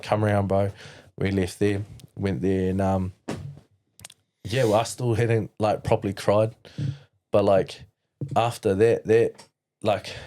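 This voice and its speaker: Deep mellow New Zealand young man. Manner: halting, frequent "like" and restarts, quoting others. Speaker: podcast guest. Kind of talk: candid storytelling interview.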